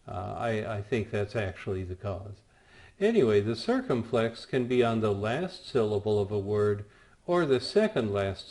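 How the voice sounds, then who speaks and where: Male teacher, unhurried delivery, patient explainer, occasional wry aside about his own mistakes. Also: medium pitch, a little mellow. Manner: self-deprecating asides. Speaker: Greek teacher. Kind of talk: recorded lecture.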